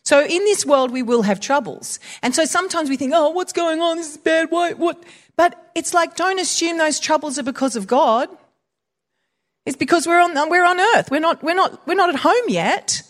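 Chatty higher-voiced woman preacher. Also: moderate pace. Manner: chatty and animated, mixing scripture with personal stories. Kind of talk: conversational sermon.

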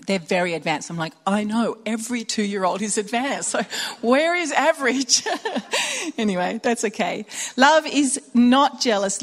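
A woman giving an informal sermon to mothers, chatty and animated, telling stories with acted-out dialogue. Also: medium pitch. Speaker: speaker at a Christian women's or mothers' gathering. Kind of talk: informal sermon with personal anecdotes.

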